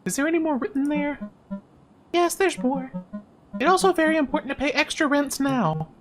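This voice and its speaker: A woman puts on an eager, chatty six-year-old girl in a game, pitched well above her own voice. She is bubbly and excited, and her pitch bounces around a lot. Faint music sits underneath. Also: normal speed. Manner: excited, bubbly, broken grammar when reading. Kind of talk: voice-acting a game.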